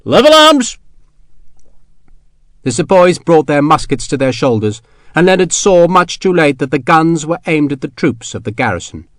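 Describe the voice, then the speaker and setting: A man narrating an audiobook in a steady, measured storytelling voice. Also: a little high, no room sound, clean studio sound. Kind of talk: scripted narration.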